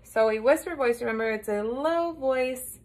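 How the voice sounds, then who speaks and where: A woman's voice: fairly high pitch, normal speed, darkish tone. A woman teacher giving a recorded lesson to young children, patient and encouraging, often checking in with a "right?".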